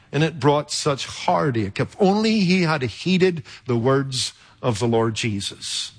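A man preaching a sermon in an emphatic, rhetorical way, with dramatic pauses and sudden jumps in loudness. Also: mid-range voice.

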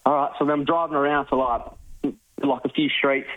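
A man's voice: mid-range voice, steady tone, moderate pace, no room sound. A man with an Australian accent calling in to a radio show, telling a rambling story full of "like". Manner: rambling, fills with "like". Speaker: caller. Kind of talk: casual phone-in story. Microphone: phone. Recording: tinny phone line.

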